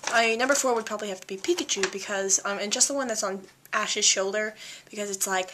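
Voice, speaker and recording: A woman's voice: medium pitch, fast, pushed and bright, slight background noise. A teenage woman vlogger chatting casually to camera, rambling, giggling and joking at her own expense. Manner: giggly, rambling, self-mocking.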